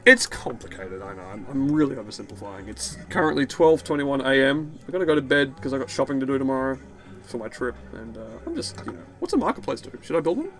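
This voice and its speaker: Lively rambling man gaming. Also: medium pitch, fast talker. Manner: rambling, swearing, jokey. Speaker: gaming video host. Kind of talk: let's play commentary.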